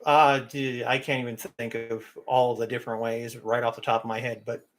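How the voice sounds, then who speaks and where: A man's voice: mid-range voice, flat delivery, moderate pace. A man hosting a casual livestream, talking in an opinionated, emphatic way about getting pronunciation right. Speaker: livestream host.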